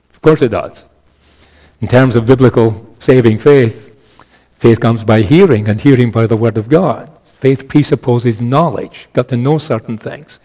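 A man preaching an expository sermon in a measured, emphatic way, with small restarts. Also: mid-range voice, mellow, low-quality recording.

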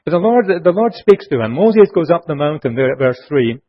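A man preaching an expository sermon, earnest, slowing down and dropping his voice low on key phrases. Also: very animated. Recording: muffled lo-fi sermon recording.

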